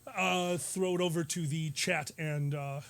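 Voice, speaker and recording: A man's voice: fairly high pitch, steady tone, unhurried, creaky, fairly bright tone. A man hosting a casual livestream from home, joking and ranting with plenty of swearing. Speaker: stream host. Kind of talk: casual chat. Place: home in Chicago.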